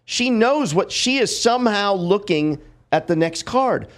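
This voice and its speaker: A middle-aged man hosts a casual podcast and spins a long tale with gusto. He acts out every character and swears freely. His voice sits a little high for a man. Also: measured pace. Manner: lively storyteller, acts out quotes, swears freely. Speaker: podcast host.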